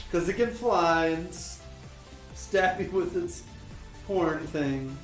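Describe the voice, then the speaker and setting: A man's voice: high-pitched, expressive, drawn-out words, a bit bright. A man co-hosting an online trivia livestream, joking around and rambling with lots of "like". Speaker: trivia co-host. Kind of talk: casual trivia livestream chat. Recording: roomy echo with faint music.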